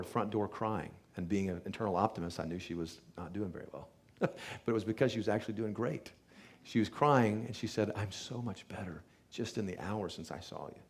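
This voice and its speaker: Earnestly sharing a testimonial, a man who works as a chiropractor tells a live crowd how a patient healed, voicing what people said. His voice is fairly low in pitch with a darkish tone.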